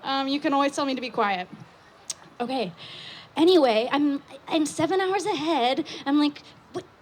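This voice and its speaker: High-voiced woman telling a story loudly. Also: moderate pace. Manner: loud, excitable, talks with lots of fillers. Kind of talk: live storytelling on stage. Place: outdoor patio stage.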